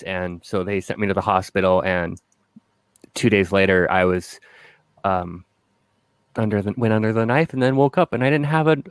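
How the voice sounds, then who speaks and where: A man's voice: lowish voice, fairly bright tone, smooth, no room sound. A man hosting a podcast, casually telling stories with dry jokes and plenty of swearing. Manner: joking, profane storyteller. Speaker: podcast host. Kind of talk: casual chat.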